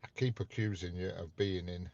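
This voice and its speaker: Deep-voiced man chatting. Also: steady tone, fairly quick, darkish tone, dull audio. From north of England. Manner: chatty, teasing, playful questions to viewers. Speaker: livestream host chatting with viewers. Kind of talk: casual live chat.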